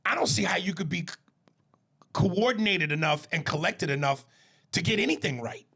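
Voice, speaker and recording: A man's voice: high voice, expressive, normal speed, gravelly, pushed and bright, breathy edge. A man co-hosting a podcast in casual chat, reflective, often answering with "right". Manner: frequent "right" agreements, reflective. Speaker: podcast co-host.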